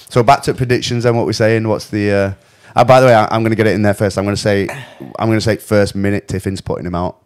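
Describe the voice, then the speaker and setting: A man, a podcast host telling animated stories in casual chat, swearing and laughing as he goes. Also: lowish voice, rapid-fire, few pauses.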